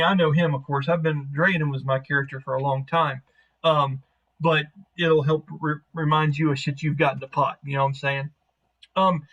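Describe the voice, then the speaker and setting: Casual, profane game master, higher male voice. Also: fairly bright tone, dull audio. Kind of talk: narrating a tabletop game.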